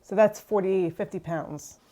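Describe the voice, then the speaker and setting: A woman talks through her cheesemaking in a home kitchen. Her delivery is chatty and exasperated, with self-mocking asides at mid pitch. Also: measured pace, dark tone, slight background noise. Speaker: cheesemaking channel host. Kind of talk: casual kitchen vlog talking to camera.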